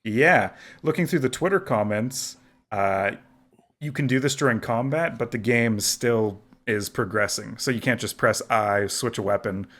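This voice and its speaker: A man's voice: mid-range voice, measured pace, fairly bright tone. A man hosting a casual gaming podcast, easygoing, moving the talk along with curious questions. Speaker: podcast host.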